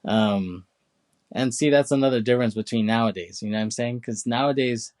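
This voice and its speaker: A man co-hosting a podcast, casually retelling film scenes with many fillers and quick put-on quotes of the characters. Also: medium pitch, darkish tone. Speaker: podcast co-host. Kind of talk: casual chat.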